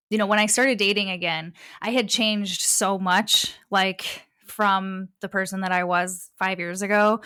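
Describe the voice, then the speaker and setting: A young woman in a relaxed interview, bouncing through her stories with bursts of laughter. She voices the people in her stories with playful lifts. Her sound is dry and close, with no room around it. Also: medium pitch, clear, resonant tone, dry recording. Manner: animated, acts out quoted dialogue with laughter. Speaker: guest, spiritual reader. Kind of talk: casual interview chat.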